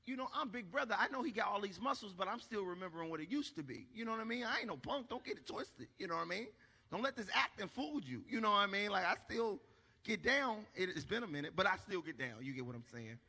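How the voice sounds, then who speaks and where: A man telling a stand-up story on a church stage, animated, acting out shouts and asking the crowd if they follow. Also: high voice, quick pace, long reverb tail. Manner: animated, acts out shouts, asks the crowd for agreement. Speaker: stand-up comedian.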